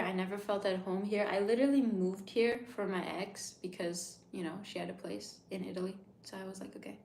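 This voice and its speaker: A woman in her thirties chatting casually on a livestream, reading comments and swearing freely, with hushed asides. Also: medium pitch, fairly even intonation, brisk, few pauses. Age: 30s. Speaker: livestream host. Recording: echoey room sound.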